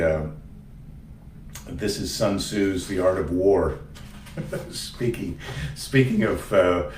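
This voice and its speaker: A comedian doing a daily live stream chats casually with viewers in a low-pitched voice, rambling and joking and often cutting himself off mid-sentence. The sound is roomy with the mic at a distance, and there's slight background noise.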